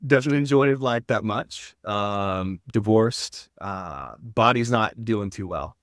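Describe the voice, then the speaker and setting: A man with a lowish voice talks as a podcast guest. He sounds earnest and a bit self-deprecating, often hesitating and restarting his sentences. The sound is dry, with no room echo. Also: expressive, takes it slowly. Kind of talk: casual podcast interview.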